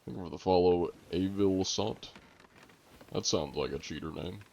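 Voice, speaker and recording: A young adult man streaming a game live, chatting casually with viewers in a relaxed, rambling way full of fillers. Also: deep voice, normal speed, gravelly, highs cut off, a little hiss or hum. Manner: relaxed and rambling, lots of "like" and fillers, joking with chat. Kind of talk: casual live-stream chat while gaming.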